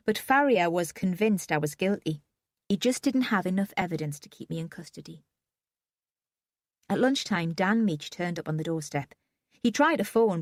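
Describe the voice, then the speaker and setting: A woman's voice: lowish voice, no room sound, studio quality. A woman reading a first-person audiobook in a subdued, wry manner. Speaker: audiobook narrator.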